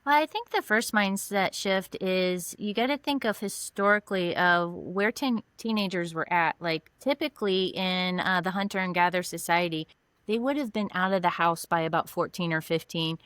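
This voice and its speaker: Animated middle-aged woman counselor, dry sound. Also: fairly low pitch, moderate pace, smooth, no room sound. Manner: animated, acts out dialogue in voices. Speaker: mental health counselor, guest. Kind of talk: conversational explaining with acted examples.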